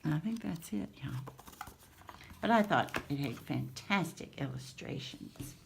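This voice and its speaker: A woman's voice: low-pitched, animated, takes it slowly, vocal fry, slight background noise. An older woman hosting a craft channel, showing her finds in a gushing, sweet way with little laughs. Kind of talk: casual show-and-tell chat.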